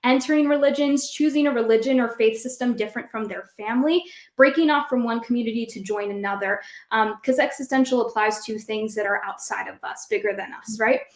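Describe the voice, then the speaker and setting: A woman's voice: on the high side, a little fast. A woman hosting a conversational podcast, explaining ideas and leading into questions for her guest. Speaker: host. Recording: roomy echo.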